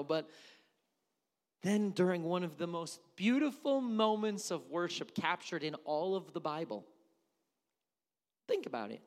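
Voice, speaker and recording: A man preaching a sermon in a church, telling the story in an animated way and asking the congregation questions. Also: sits high. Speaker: pastor. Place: church hall. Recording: long hall reverb.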